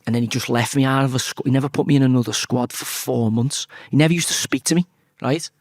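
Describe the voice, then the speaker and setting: Gravelly Scouse man telling stories. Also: medium pitch, fast talker, dry recording, clean studio sound. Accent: Liverpool Scouse. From Liverpool, England. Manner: blunt, swears freely, animated storyteller. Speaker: interview guest. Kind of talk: casual storytelling interview.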